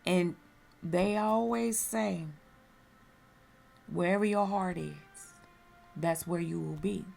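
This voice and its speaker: A woman's voice: on the low side, takes it slowly, vocal fry, darkish tone, faint music behind. A woman sharing a personal religious testimony, speaking earnestly and candidly and repeating phrases for emphasis.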